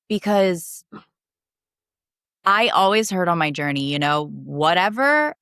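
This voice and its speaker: A young woman guest on a coaching podcast, earnestly telling a personal story with emotional rushes of speed. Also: on the low side, a bit bright, dry recording, clean studio sound.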